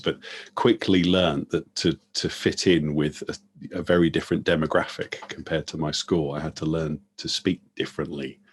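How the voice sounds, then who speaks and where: A man from England interviewing a guest, thoughtful and rephrasing his questions as he goes. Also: very deep voice. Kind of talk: casual conversation.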